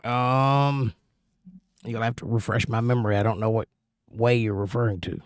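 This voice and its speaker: A man's voice: mid-range voice, steady tone, moderate pace, no echo, clean studio sound. A man hosting a casual livestream, chatting easily and rambling in reply to viewer comments. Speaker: livestream host.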